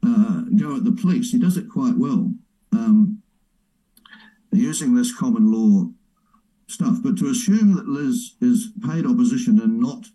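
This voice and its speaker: Mocking man, dark voice. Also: mid-range voice, expressive, measured pace, poor audio. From New Zealand. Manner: mocking, stops the clip to comment. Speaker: host reacting to a clip. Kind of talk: commentary on a played video.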